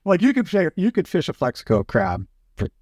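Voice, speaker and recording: Animated male podcast guest, dry sound. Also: sits high, fairly quick, dry recording. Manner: animated, acts out quotes, many fillers. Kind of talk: casual storytelling chat.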